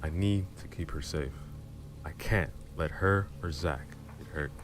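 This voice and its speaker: Storyteller, male, very deep and intimate, dramatic reading over background music. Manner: low, slow, intimate. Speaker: storyteller streamer. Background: background music and rain.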